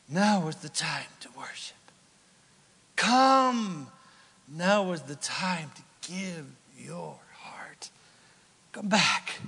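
A male pastor preaching a sermon, swinging from loud calls to hushed whispers. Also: a little high. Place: church sanctuary. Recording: long reverb of a church sanctuary.

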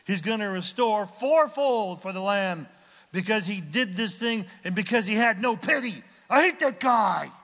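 A man's voice: high voice, lively intonation, unhurried, a bit bright, in a large hall, full character voice. A man voicing an indignant, hot-tempered biblical king who talks in modern slang. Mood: outraged. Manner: outraged, then scheming, in modern slang.

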